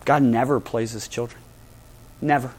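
A male pastor preaching a sermon to a congregation, swinging between loud emphasis and hushed, soft passages. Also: medium pitch, fairly even intonation, normal speed. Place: church hall before a congregation.

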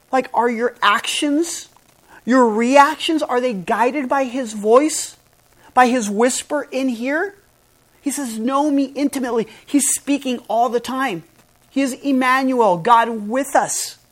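A woman's voice: high-pitched, slow. Earnest woman preaching a sermon. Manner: earnest, emphatic, spells words out. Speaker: pastor.

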